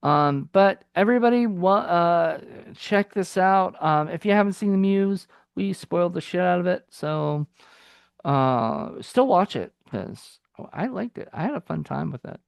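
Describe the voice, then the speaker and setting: A man's voice: high-pitched, lively intonation, unhurried, creaky, clear, resonant tone, no echo, clean studio sound. A man co-hosting a film review podcast in casual chat. He rambles loosely, with many fillers and restarts.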